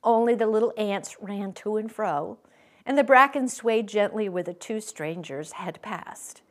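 A woman reading a children's story aloud at a public library, with an expressive, lingering storyteller's delivery. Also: medium pitch, measured pace. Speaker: guest reader.

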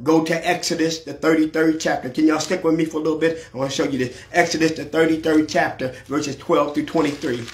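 Black church preacher man, AAVE, kinda high voice, gets loud and shouty, church echo on a livestream. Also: fairly even intonation, quick pace, hardly any pauses. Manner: preaching with sudden shouted climaxes. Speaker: pastor. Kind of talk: sermon. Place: church sanctuary.

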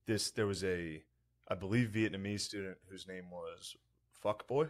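A man in relaxed podcast banter, telling rambling stories full of curses and "dude". His voice sits a little low for a man. He chats easily with his co-host. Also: normal speed. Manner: loose, profane storytelling with frequent "dude". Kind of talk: casual chat.

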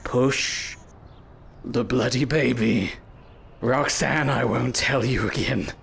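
Gravelly man, mock-dramatic gamer. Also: takes it slowly, a bit bright. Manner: mock-dramatic, theatrical scolding with sudden pitch swings. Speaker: gaming YouTuber. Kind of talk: comedic VR gameplay commentary.

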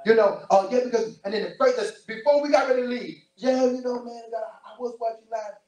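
A male preacher giving an animated sermon, full of storytelling and repeated phrases. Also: very high-pitched, a little fast, dull audio. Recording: roomy distant church recording.

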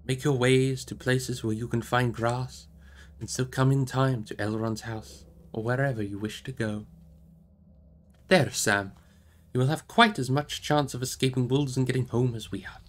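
A man voicing a grave, commanding old male wizard in an audiobook reading, measured and solemn. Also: mid-range voice, fairly even intonation, lightly acted. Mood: gentle.

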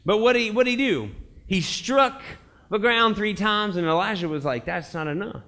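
A man's voice: sits high, normal speed. A young man giving a casual, conversational sermon as a pastor, telling stories and acting out quotes. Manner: animated storytelling, acts out quotes, laughs often. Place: church sanctuary.

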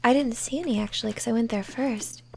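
Gravelly soft-spoken ASMR woman. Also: a little high, fast, slight background noise. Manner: gentle, apologetic, giggly, often whispering. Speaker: ASMR host.

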